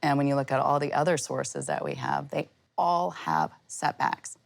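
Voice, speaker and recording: A woman guest in an interview, explaining clearly and confidently. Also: very deep voice, sing-song, moderate pace. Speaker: industry expert guest. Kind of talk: interview answers.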